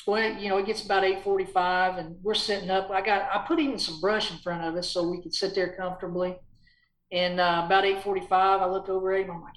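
A man telling stories as a podcast guest in a lively, chatty way, acting out quotes with a raised voice. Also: sits high, fairly quick, roomy sound, rough recording. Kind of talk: casual storytelling.

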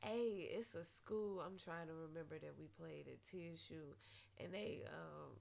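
A woman's voice: low-pitched, steady tone, unhurried, vocal fry, darkish tone. A woman author as a podcast guest, bubbly and blunt, laughing as she chats. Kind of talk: casual chat.

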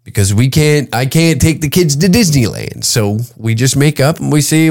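Canadian man, podcast host, rambling comic monologue, swears freely, mid pitch. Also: big pitch swings, normal speed, vocal fry, hardly any pauses, darkish tone. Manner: crude rambling, swears freely, acts out quoted voices. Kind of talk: casual comedic monologue.

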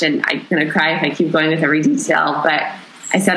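A young woman tells a painful personal story as an interview guest, pausing often and searching for words. Her voice sits low yet comes across bright and forceful. The room adds a noticeable echo, with faint ambience behind her. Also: steady tone, slight background noise. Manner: emotional, halting, many pauses and fillers. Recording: roomy echo.

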